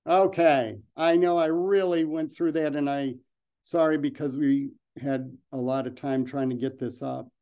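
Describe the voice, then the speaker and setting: A man's voice: medium pitch, mellow. A man giving a slide presentation and then answering questions, talking loosely with frequent ums and restarts.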